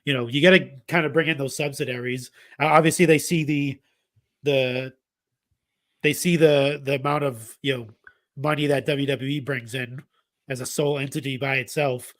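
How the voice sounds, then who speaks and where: A man's voice: medium pitch, fairly even intonation, normal speed, fairly bright tone. A man co-hosting a casual wrestling podcast, rambling with many fillers like "you know" and "uh". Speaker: podcast co-host. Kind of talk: casual chat.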